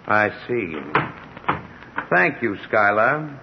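A man playing a debonair, lying brother asking for money in a 1940s radio drama, smooth and pleading. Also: lowish voice, expressive, drawn-out words, background noise, heavily acted. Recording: dull old radio recording, echoey, breathy.

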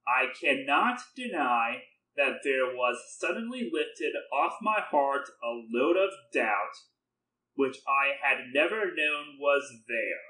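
A man reading a classic mystery story aloud in measured narration, voicing the dialogue. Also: medium pitch, sharp tone. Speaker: audiobook reader. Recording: roomy echo.

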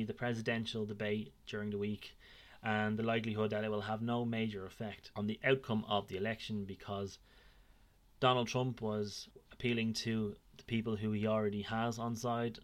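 A man's voice: on the low side, fairly bright tone. A man in his thirties with an Irish accent hosting a podcast, talking in a rambling way with many restarts and fillers. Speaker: podcast host. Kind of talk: casual podcast chat. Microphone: video call.

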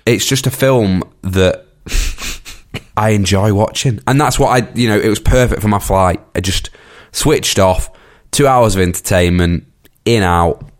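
A man's voice: on the low side, measured pace. A man co-hosting a casual film review chat, rambling and repeating words as he goes. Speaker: podcast co-host.

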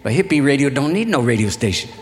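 A man telling a long story to a live audience in an unhurried, reflective, folksy way. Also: mid-range voice, very animated, big-room sound. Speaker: spoken-word storyteller. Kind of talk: live spoken-word storytelling. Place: hall before an audience.

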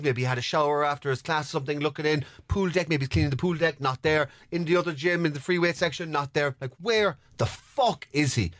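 A young man telling stories in a casual podcast chat, animated, swearing freely and acting out what people said. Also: on the high side, dry recording, clean studio sound. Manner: animated, swearing, bursts into laughter, acts out quotes. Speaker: podcast co-host.

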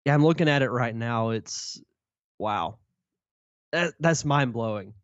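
A man's voice: mid-range voice, animated, measured pace, no echo. Easygoing podcast man, dull lo-fi mic. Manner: easygoing, many "uh" fillers. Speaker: podcast co-host. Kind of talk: casual podcast chat and host-read ad.

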